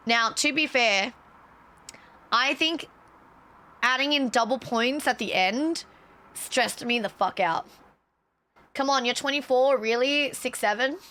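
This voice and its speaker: A woman chatting on a live stream, telling animated stories with a lot of swearing and laughter. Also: sits high. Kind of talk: casual stream chat and storytelling.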